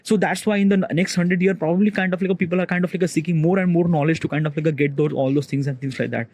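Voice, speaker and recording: Man, rambling self-recorded vlog on a cold rooftop, filler-heavy, slightly high voice, dry close sound. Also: steady tone, darkish tone, dry recording. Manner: talks fast, chides himself to slow down. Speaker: vlogger. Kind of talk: rambling solo monologue. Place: rooftop outdoors in cold morning.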